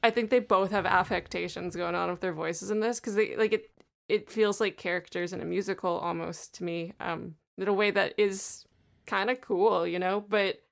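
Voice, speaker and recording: A woman's voice: mid-range voice, fairly even intonation, normal speed, gravelly. A woman co-hosts a casual music podcast, chatting freely with frequent laughter. Her voice sits in a middle range for a woman, and her talk moves from one thought to the next. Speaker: podcast co-host. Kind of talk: casual chat.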